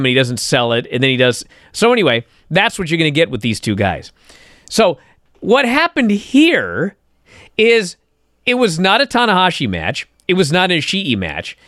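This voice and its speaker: A man co-hosting a podcast, telling a story in an excitable, animated way and acting out the moves on a close mic. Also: mid-range voice, dry recording. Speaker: podcast co-host. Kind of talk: excited wrestling podcast chat. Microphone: close studio mic.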